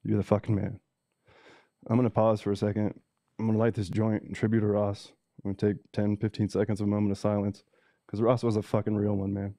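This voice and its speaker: Quick and monotone, a man with a low, dark voice rants through a swear-heavy story as a cannabis seed breeder, reading out messages along the way. He gets emotional and sometimes teary. The recording is dry and studio quality.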